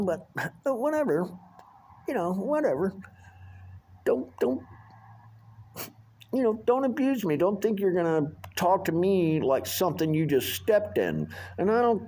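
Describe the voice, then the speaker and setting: A man's voice: high voice, a little mellow. A middle-aged man ranting casually and profanely about his restaurant job, rambling with many fillers. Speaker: vlogger. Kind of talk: casual rant monologue.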